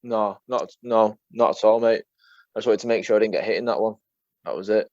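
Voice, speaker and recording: A man's voice: lowish voice, fairly even intonation, brisk, a little mellow, dry recording. A young man, an MMA fighter as a guest, chatting casually and rambling through stories while he swears and keeps saying "mate". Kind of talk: casual chat. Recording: dull lo-fi sound.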